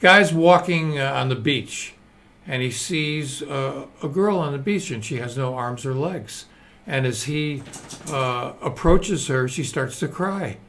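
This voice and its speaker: A man's voice: mid-range voice, unhurried, fairly bright tone. A man in his seventies hosting a live stream, talking in a loose, digressive, self-mocking way and swearing now and then. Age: 70s. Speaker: host. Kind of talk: rambling live-stream monologue.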